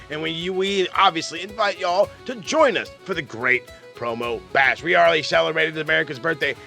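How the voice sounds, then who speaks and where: A man's voice: fairly high pitch, creaky, sharp tone. A man hosting a comic wrestling podcast in a playful, hammy way. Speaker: podcast host.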